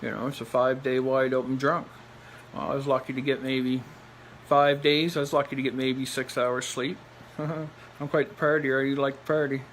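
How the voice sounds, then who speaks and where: A man's voice: mid-range voice, little pitch movement, normal speed, fairly bright tone, a little hiss or hum, low-quality recording. A man telling a personal story in a blunt, rambling way, repeating phrases for emphasis and laughing in between. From Nova Scotia, Canada.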